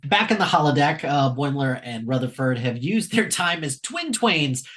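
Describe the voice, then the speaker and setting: Male podcast co-host, casual recap, very lively pitch, chatty and laughing. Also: normal speed. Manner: animated, laughing, many fillers. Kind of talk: casual episode recap chat.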